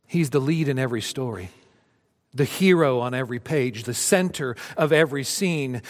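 Middle-pitched man in his fifties, a pastor mid-sermon, reading scripture dramatically; church hall with long reverb. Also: moderate pace. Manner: dramatic scripture reading, rising for cries and dropping low. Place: church sanctuary.

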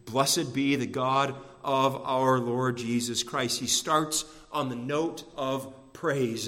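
A man preaching a sermon to his congregation, measured and emphatic, slowing down to stress key phrases. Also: medium pitch, a bit bright. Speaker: pastor. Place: church sanctuary. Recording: long reverb of a church hall.

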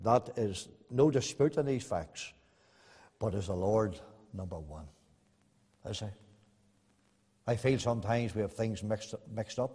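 Dramatic preacher in a reverberant hall. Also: male voice, lowish voice, measured pace, long pauses, breathy edge. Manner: swings between loud emphatic bursts and soft hushed asides. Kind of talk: sermon.

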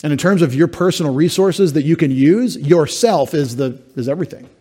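A man's voice: fairly high pitch, expressive, a little fast, warm tone, slightly rough. A middle-aged man pastor preaching an expository sermon, explaining Greek words step by step with wry asides. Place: church sanctuary.

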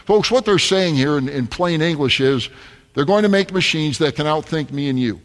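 A man's voice: a little high, animated, moderate pace. A man preaching at a rally, addressing his audience as folks in an emphatic, urgent manner. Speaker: pastor. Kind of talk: rally sermon. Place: large hall with audience. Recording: long hall reverb, faint music.

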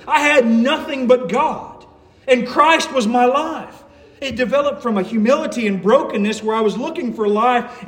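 A man's voice: high-pitched, echoey room. A man preaching a sermon in a church, earnest and emphatic, asking his listeners rhetorical questions.

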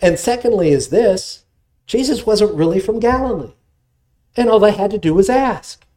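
A man's voice: high voice, animated, normal speed, warm tone. A man preaching an expository sermon in a conversational way, retelling scripture in everyday voices.

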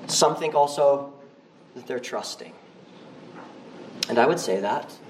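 A male pastor preaching a sermon in a church, conversational and animated. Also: medium pitch, takes it slowly, a little hiss or hum. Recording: roomy, from far off the mic.

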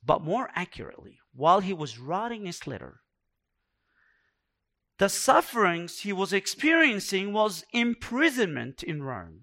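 A man preaching a sermon, dramatic, swinging between hushed and loud delivery. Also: high-pitched, very animated, unhurried, gravelly. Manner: acts out quoted complaints in a raised voice.

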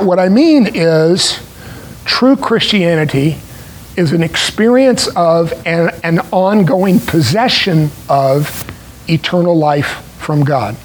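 A man preaching a sermon, explaining a scripture passage in a deliberate way with pauses. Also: high voice, a little hiss or hum, poor audio. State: clearing his throat.

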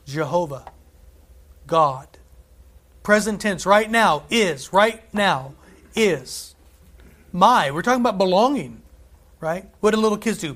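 A middle-aged man preaching a sermon, emphatic and conversational, tossing in asides and slowing down to stress scripture. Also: a little high, fairly bright tone. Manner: emphatic, lifts voice and slows on scripture; conversational asides and tag questions.

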